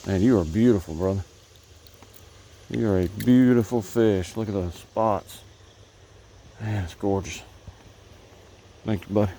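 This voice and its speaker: A man's voice: on the low side, a little slow, long pauses, a little hiss or hum. A man, chatting to the fish he catches while out on a creek in a boat, recorded on an action camera. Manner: chats softly to the fish he catches. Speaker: fishing vlogger. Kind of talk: casual narration while fishing. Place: small creek outdoors, in a boat. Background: crickets and insects.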